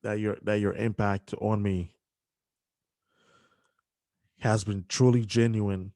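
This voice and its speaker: Somber low-voiced male podcast host. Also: level tone, dark tone, no room sound, clean studio sound. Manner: halting, emotional, with many restarts. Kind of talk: emotional podcast dedication and interview.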